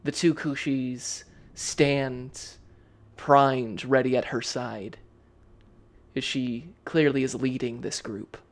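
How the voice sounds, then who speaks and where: A man's voice: medium pitch, fairly even intonation, slow pace. A man narrating a tabletop game as game master, describing scenes in the second person. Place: live stream.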